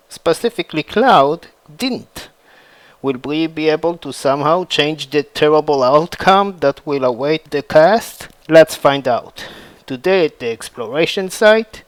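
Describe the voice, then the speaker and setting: A man's voice: a little high, smooth, no room sound. A man narrating a fan-made game story in a plain read-aloud manner. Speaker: channel narrator.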